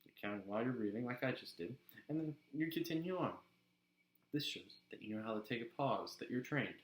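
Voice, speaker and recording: A man's voice: medium pitch, expressive, a little fast. A young man hosting a channel and giving upbeat, casual acting and voiceover tips. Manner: upbeat and instructive, with sudden shifts in loudness. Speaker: voice actor and channel host. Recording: roomy echo.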